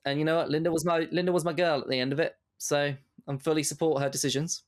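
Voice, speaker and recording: A man co-hosting a podcast, talking through a film in animated casual chat, full of fillers and laughs. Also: on the high side, quick pace. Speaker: podcast co-host.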